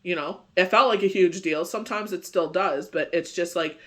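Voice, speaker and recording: This tarot reader's voice sits high and sounds pushed and bright, moving at a moderate pace. Getting over a bad cold, he gives a rambling, casual daily reading stuffed with "you know" and "it's just like."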